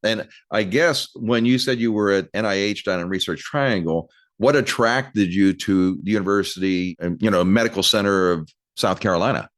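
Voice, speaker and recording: A man with a very deep voice hosts a podcast interview. He speaks conversationally, putting questions to his guest and adding friendly remarks. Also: moderate pace, few pauses. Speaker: podcast host.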